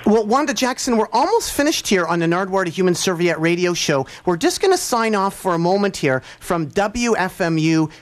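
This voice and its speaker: A man hosting a live radio interview show, talking in an excitable way with sudden jumps in pitch. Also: brisk, hardly any pauses.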